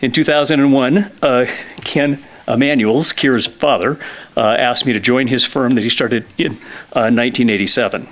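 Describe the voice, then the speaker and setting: A man in his fifties, a lobbyist giving a presentation to a town council, a little out of breath, often clearing his throat and pausing with fillers. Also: mid-range voice, a bit bright. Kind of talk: formal presentation. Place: council chamber.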